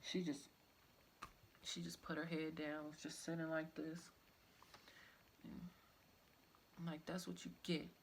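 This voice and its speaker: Young woman rambling through her own story, low voice with lots of vocal fry. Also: monotone, takes it slowly, pauses often, slight background noise. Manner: casual, rambling, full of "like" and "I'm like" asides. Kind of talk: personal storytelling to camera.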